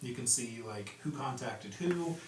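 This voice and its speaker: A man running a tabletop game as game master, narrating in a relaxed way with plenty of ums and likes. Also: mid-range voice, measured pace. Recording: echoey room from far off with background noise.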